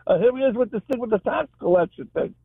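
A man calling in to a radio show over a tinny phone line, agitated and emphatic as he stumbles through fillers. His voice runs very high for a man, and the sound is dry and boxed-in. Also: quick pace, slightly rough, no echo. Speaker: caller. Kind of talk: call-in radio talk.

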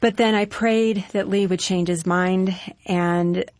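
A middle-aged woman telling her faith story as a guest on an interview show, earnest and steady. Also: medium pitch, takes it slowly, dry recording.

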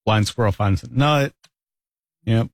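A man's voice: medium pitch, a little slow, gravelly, no room sound. A man with a mid-range voice co-hosts a casual talk show, offering short, matter-of-fact remarks. The recording is dry and close. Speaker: co-host. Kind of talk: casual chat.

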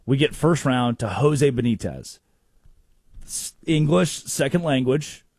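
A man's voice: mid-range voice, slow pace, husky, no echo, clean studio sound. A man hosting a comedic sports talk show, telling stories and mimicking people. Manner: storytelling, mimics people in quotes, animated. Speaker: radio show host.

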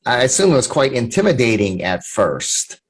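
A man's voice: mid-range voice, big pitch swings, normal speed, slightly rough. A man hosting an apologetics interview show, asking earnest, probing questions of a young guest. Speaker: podcast host.

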